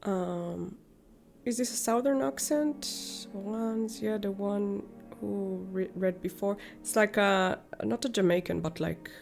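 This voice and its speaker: A woman streamer playing a horror game, musing and thinking aloud in a halting, casual way. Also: medium pitch, vocal fry, a little mellow, soft background music. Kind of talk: casual let's-play commentary.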